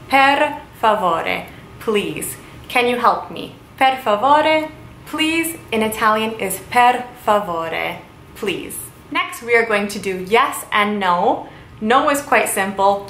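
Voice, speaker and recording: A woman's voice: mid-range voice, a bit bright. Young female host teaching basic vocabulary, careful repeated enunciation, roomy sound with faint background hum. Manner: slow, careful enunciation of foreign words, repeats each word. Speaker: language teacher, channel host. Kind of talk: casual video lesson. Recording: roomy with faint ambient noise.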